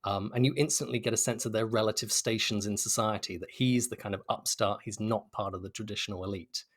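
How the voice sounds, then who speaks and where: A man's voice: fairly low pitch, steady tone, quick pace, fairly bright tone. A British man, a game developer, answering interview questions in an enthusiastic, articulate way with frequent restarts. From Britain.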